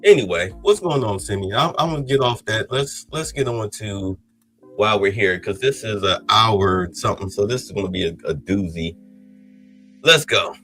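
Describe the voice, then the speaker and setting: A man's voice: on the low side, lively intonation, moderate pace, pushed and bright, faint music behind, rough recording. A man hosting a podcast, giving heated, blunt political commentary in an agitated, ranting way. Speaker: podcast host.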